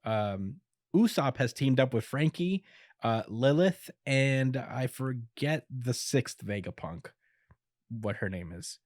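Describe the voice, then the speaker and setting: Man, podcast host, easygoing recap, medium pitch, dry close sound. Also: lively intonation, slow pace, dry recording. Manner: laid-back retelling with chuckles and filler words. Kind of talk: casual episode recap. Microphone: podcast mic.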